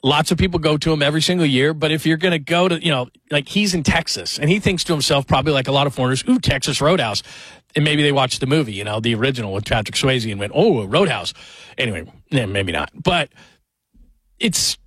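Fast-talking and a little high-pitched, the radio host, a man in his forties, comes through with no room sound at all. He spins loose, animated, self-deprecating stories in easygoing conversation.

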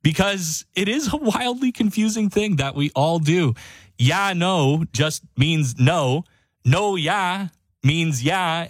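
A man's voice: on the high side, no echo. A male radio host with a Canadian accent, chatting casually and playfully between songs.

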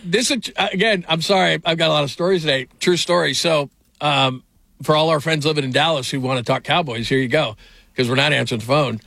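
A man's voice: fairly high pitch, a little fast, vocal fry, sharp tone, slight background noise. A middle-aged man hosting a sports radio show, telling stories in a loose, rambling way with fillers and laughs. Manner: rambling storyteller, frequent fillers and restarts, laughs often. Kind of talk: casual sports talk.

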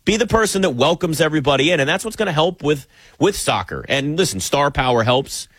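A man from the United States delivers an animated, sarcastic sports talk rant. His voice sits a little higher than most men's. The recording is dry and close, with no room sound. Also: fairly quick, no room sound. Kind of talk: opinionated sports commentary monologue.

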